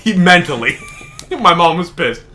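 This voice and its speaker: A man's voice: high voice, very animated, a little slow, sharp tone, slight background noise. A young man co-hosting a casual podcast, rambling and swearing as he tells stories, often laughing through them. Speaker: podcast co-host.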